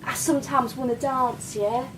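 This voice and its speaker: A woman's voice: high-pitched, fairly even intonation, moderate pace, far from the mic, natural voice. A woman playing Bobby, a crude cocky lad. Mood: crude rambling. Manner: rambling, crude, keeps tagging "yeah?" and "mate". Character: cocky young male London lad, crude and boastful. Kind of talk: character comedy podcast. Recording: voice a bit off-mic.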